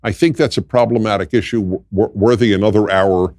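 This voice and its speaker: A man's voice: on the low side, steady tone, fairly quick, darkish tone, no room sound. An older man, a guest in a political discussion, speaking emphatically and repeating his points for weight. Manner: emphatic, repetitive.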